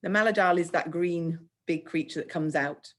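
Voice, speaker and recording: A woman with an English accent teaching children in a recorded remote lesson, speaking clearly, patiently and encouragingly. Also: fairly low pitch, moderate pace. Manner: clear, patient, encouraging, acts out example speech lines. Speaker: primary school teacher.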